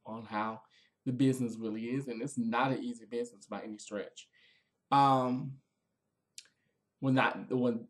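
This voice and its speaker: Male vlogger, casual review delivery, animated and conversational, mid-range voice. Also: medium pitch. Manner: chatty and expressive, with frequent fillers.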